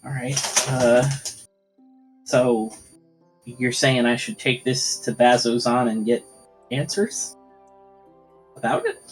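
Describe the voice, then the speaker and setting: A man's voice: mid-range voice, slow pace, pauses often, faint music behind, poor audio. A man playing his character at a tabletop game, talking hesitantly with many fillers. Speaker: player.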